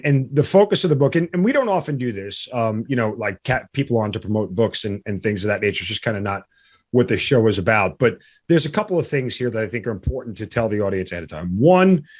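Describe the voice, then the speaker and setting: A middle-aged man hosting a podcast interview, talking casually and with feeling, stopping and restarting often with many fillers. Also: medium pitch. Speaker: podcast host.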